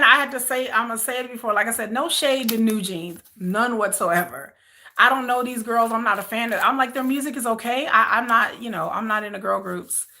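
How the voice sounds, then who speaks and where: Bright-voiced woman ranting animatedly. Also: a little high. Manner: animated, exasperated ranting with frequent repeats. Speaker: vlogger. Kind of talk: casual chat.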